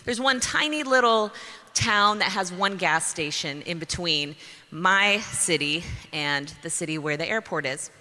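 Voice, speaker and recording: Young woman storyteller, bright voice with a lively swooping pitch, acts out her own lines, heard in a big echoing hall. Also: measured pace. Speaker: speaker. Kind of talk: storytelling talk to an audience. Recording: long reverb of a large hall.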